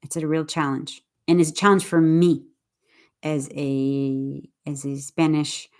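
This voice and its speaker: A woman English teacher chatting casually on a livestream, talking quickly and interrupting herself as she speaks to viewers. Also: low voice, fairly even intonation, a little mellow. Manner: fast, chatty, self-interrupting, talks to viewers.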